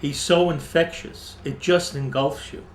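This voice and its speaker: A man's voice: fairly high pitch, steady tone, a little slow, a little hiss or hum. A man in a documentary interview, recalling a performer with fond admiration. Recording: roomy with music under.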